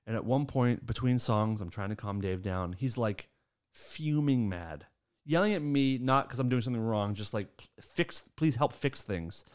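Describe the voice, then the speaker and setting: A man hosting a casual chat, telling stories in an animated way and laughing between sentences. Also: medium pitch, normal speed, smooth. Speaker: podcast host.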